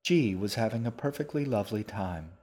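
A man with a voice on the low side narrates a scripted audiobook, telling the story evenly and without hurrying.

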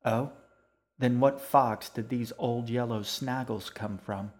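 A man's voice: mid-range voice, fairly even intonation, slow, darkish tone, natural voice. A man voicing a menacing, falsely smiling man who coaxes and threatens a boy in an audiobook reading. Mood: sly. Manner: cold, coaxing, threatening.

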